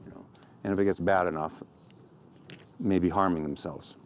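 A man's voice: sits low, steady tone, moderate pace, slight background noise. A middle-aged man preaching a sermon as pastor, acting out quoted complaints in a raised voice.

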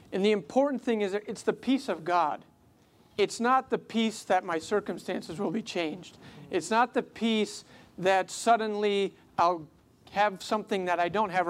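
A pastor giving a sermon in an earnest, conversational way, with frequent casual fillers. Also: medium pitch.

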